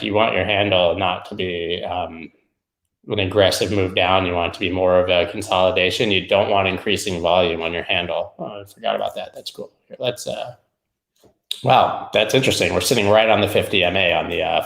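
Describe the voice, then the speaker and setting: Gravelly, roomy-sounding male market host. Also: sits low, a bit bright. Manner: rambling, irreverent, jokey asides. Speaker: crypto market show host. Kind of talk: casual live chart analysis.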